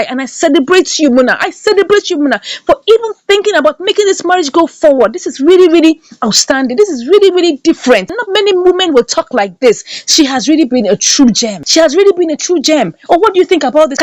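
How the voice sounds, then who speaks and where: A woman with a high voice, recorded dry, reviews a movie in an animated recap. She sounds indignant and emphatic, repeating certain lines to drive her point home.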